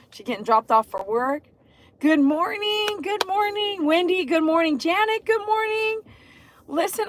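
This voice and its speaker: High-voiced woman greeting livestream viewers. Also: a bit bright. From Texas. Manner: effusive, greets viewers by name, sing-song chants. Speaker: dog groomer and livestream host. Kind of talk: casual livestream chat.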